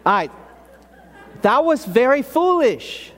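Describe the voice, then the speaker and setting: High-voiced man preaching in a reverberant hall. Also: slow, a faint crowd, a little hiss or hum. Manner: animated preaching, acts out the people's lines with pitch drops. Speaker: pastor. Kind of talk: sermon.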